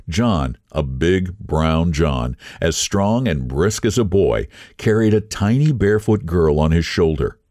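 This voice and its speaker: A man who hosts a podcast, reading a literary story aloud in an expressive, measured storytelling manner. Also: deep voice, dry recording, studio quality. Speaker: podcast host and story reader.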